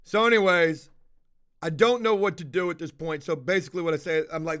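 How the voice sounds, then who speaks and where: This livestream host, a man with a high voice, moves at a moderate pace through a wandering, profanity-laced story. Animated and casual, he plays both people in the exchanges he recounts.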